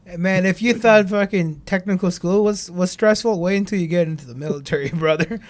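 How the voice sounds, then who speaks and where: A man's voice: high voice, brisk. A man co-hosting a podcast, chiming in with laid-back, filler-heavy casual chat. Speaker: podcast co-host.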